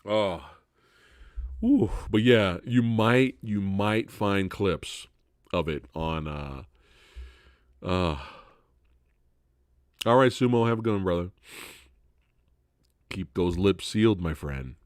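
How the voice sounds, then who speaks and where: A man hosting a live Q&A stream, chatting casually, swearing freely and laughing loudly. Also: low voice, takes it slowly, pauses often, no room sound, studio quality.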